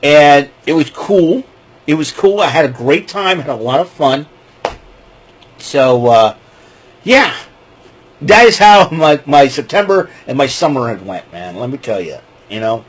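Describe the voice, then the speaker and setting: Excitable high-voiced man ranting. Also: unhurried, rough recording. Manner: excitable, jokey, rants then laughs. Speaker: vlogger. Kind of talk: casual rambling monologue.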